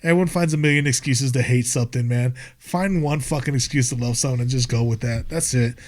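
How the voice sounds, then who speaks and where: Young American man, podcast guest. Relaxed, rambling, swears freely, mid-range voice. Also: mid-range voice, brisk. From United States. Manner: profane, laid-back, rambling. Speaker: podcast guest, skate filmer and wrestler. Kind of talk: casual podcast chat.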